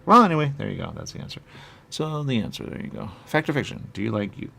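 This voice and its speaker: A man's voice: on the low side, lively intonation, fast talker, creaky, breathy edge. A man as a radio host, delivering a rambling comic monologue and asking and answering his own questions in repetitive loops. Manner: rambling and silly.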